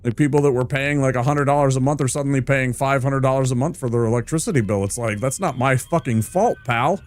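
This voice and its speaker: A man's voice: mid-range voice, fast, soft background music. A male streamer ranting hard with heavy swearing while he plays a game. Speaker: gaming streamer.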